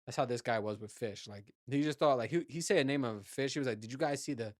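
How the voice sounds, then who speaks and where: Guy from puerto rico rambling and cursing on his podcast, dry close mic, average pitch. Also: fast, few pauses, dry recording. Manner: rambling, profane, laughs at himself. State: ears still clogged after diving. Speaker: podcast host. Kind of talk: casual solo podcast storytelling.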